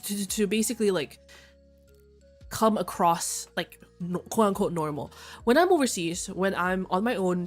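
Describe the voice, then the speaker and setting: A young woman streaming, talking casually and candidly, swearing freely and breaking into excited shrill outbursts. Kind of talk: casual chat.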